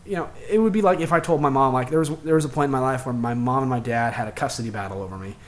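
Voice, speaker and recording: A man's voice: mid-range voice, racing. A young man hosting a podcast, telling a personal story in a rambling, frustrated way with plenty of swearing. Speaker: podcast host. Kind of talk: casual personal monologue.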